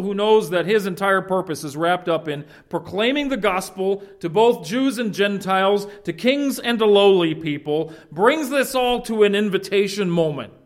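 Man preaching, conversational sermon, animated, slightly high voice. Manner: animated, conversational, restarts mid-phrase. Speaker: pastor.

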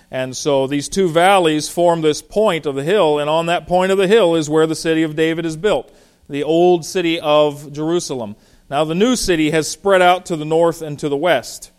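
A man teaching through a Bible passage verse by verse in a conversational, animated way, with frequent fillers and restarts. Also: fairly high pitch, smooth. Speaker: pastor.

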